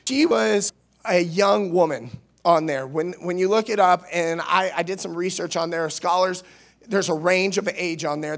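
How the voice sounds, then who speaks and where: Earnest gravelly youth minister preaching. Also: male voice, high-pitched. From Missouri. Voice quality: nasal at times. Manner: earnest, repeats and restarts words, swings between loud and soft. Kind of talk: sermon. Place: church.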